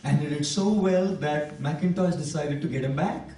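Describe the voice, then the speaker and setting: A man's voice: on the high side, moderate pace, dark tone. A man giving an emphatic motivational talk to a live audience, repeating key words and asking the crowd questions. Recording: echoey hall, voice from a distance.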